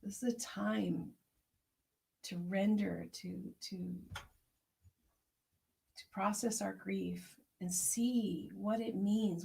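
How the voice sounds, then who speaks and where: A woman herbalist hosting an online tea circle, speaking in a gentle, unhurried, prayerful way as she reflects and reads out messages. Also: mid-range voice, steady tone, creaky. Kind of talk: reflective spoken meditation and chat reading.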